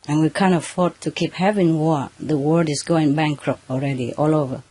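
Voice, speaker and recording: A spiritual teacher addressing a live audience under spotlights, speaking halting, non-native English and often checking in with "okay" and "huh". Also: mid-range voice, steady tone, darkish tone, dry recording. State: slightly emotional at moments. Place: under bright spotlights, indoors.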